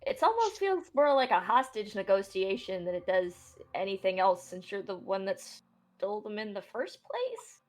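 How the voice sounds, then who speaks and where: A woman taking part in a tabletop game, speaking in character. She answers in a dry, wry way, at a middling pitch. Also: big pitch swings, moderate pace. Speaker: player.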